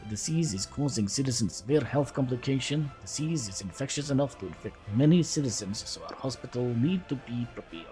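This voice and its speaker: A man's voice: mid-range voice, lively intonation, warm tone, faint music behind, natural voice. A man streaming a game reads a warning message aloud in a mock thick Russian accent, solemn and running the sentences together. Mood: grave. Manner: deliberate, solemn, few pauses between sentences.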